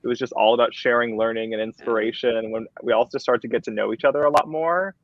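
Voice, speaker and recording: A man hosting a casual video chat, talking lively and laughing often. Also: mid-range voice, fast talker, no echo, muffled recording. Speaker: host.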